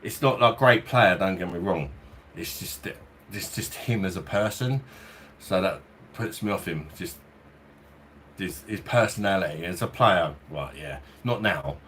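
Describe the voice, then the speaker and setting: With a fan cooling his home on a hot day, a London man speaking in a Cockney, South East London accent rambles through a livestream beer review and chuckles often. He speaks unhurriedly in a low, slightly bright voice over a little hiss or hum.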